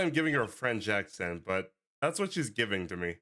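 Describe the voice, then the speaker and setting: A man's voice: on the low side, big pitch swings, fairly quick, few pauses, pushed and bright, slight background noise. A man chatting casually while streaming a game and reading its lines aloud. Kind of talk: casual gameplay commentary and voice acting.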